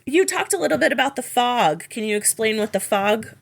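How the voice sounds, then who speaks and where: A woman hosting a podcast, asking her guest gentle questions. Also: on the high side, animated, brisk, creaky. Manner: brief supportive backchannels. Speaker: podcast host. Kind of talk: interview questions.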